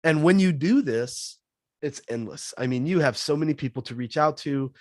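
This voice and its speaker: A man talking in a casual interview, coaching in an energetic, animated way. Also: fairly high pitch, moderate pace, no echo, studio quality. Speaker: sales trainer guest.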